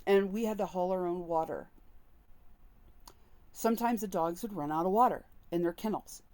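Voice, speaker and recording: A woman's voice: on the low side, moderate pace, mellow. A woman vlogger speaking candidly and emotionally as she tells a personal story to the camera. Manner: earnest, candid, openly emotional. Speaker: vlogger sharing personal experience.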